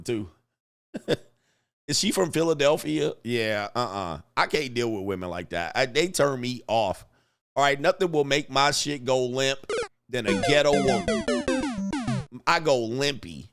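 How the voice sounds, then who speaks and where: A man's voice: mid-range voice, big pitch swings, unhurried, fairly bright tone, soft background music. A man hosting a livestream reaction commentary, talking in a blunt, mocking way and chuckling often. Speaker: commentary host.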